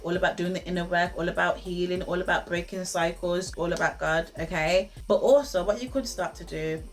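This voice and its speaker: A young woman talks straight to her viewers in a casual, encouraging way. She repeats her key phrases for emphasis and breaks into laughs as she goes. Soft music plays faintly behind her. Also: fairly low pitch. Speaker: host giving relationship advice. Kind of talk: casual motivational talk to camera.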